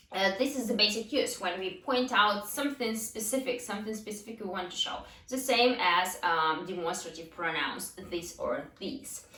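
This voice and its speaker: Woman teaching grammar, bright voice, echoey room, kinda far from the mic. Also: medium pitch. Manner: explains slowly with many fillers and restarts, asks and answers her own questions. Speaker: English teacher. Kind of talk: online grammar lesson.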